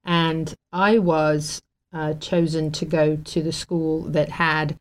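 Talk-show guest, woman, lower register, tells stories warmly with lots of fillers and laughter. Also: little pitch movement, takes it slowly. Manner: warm and emotional, laughs often, many fillers. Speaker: guest telling a story. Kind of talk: casual storytelling on a talk show.

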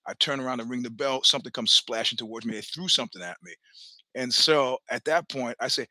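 A man's voice: medium pitch, a little fast, bright, forceful tone, no room sound. A man in his sixties hosting a show, telling a long personal story in a rambling, chatty way, full of restarts, stammers and swearing. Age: 60s. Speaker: podcast host.

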